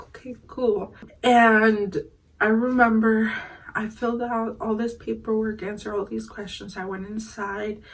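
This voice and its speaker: A woman's voice: fairly high pitch, far from the mic, rough recording. A young woman in her twenties telling a personal story in a casual, chatty storytime vlog. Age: 20s. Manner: chatty, emotional, tearful at times. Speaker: vlogger.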